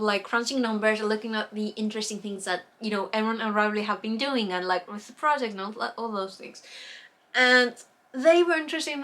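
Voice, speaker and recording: Rambling bright-voiced woman knitting vlogger. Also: fairly high pitch. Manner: rambling, loses words, trails off with fillers. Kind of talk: casual knitting chat.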